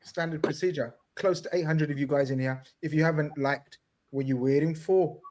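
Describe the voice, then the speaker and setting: A man hosting a casual live-stream chat, excitable, shouting out viewers and swearing casually. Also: a little high, fairly quick. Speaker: host.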